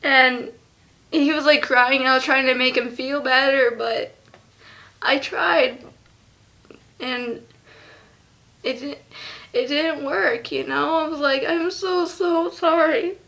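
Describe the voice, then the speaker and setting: A teenage girl vlogging a tribute to a lost friend, halting and close to tears, with many fillers. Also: sits high, fairly even intonation, creaky. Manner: halting, soft, full of fillers. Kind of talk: tearful memorial vlog.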